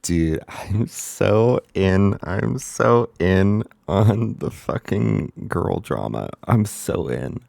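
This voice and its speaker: A man's voice: low voice, lively intonation, extremely slow, creaky, few pauses, a little mellow. A man streaming himself watching a show, making blunt, incredulous comments and swearing freely. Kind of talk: casual reaction commentary.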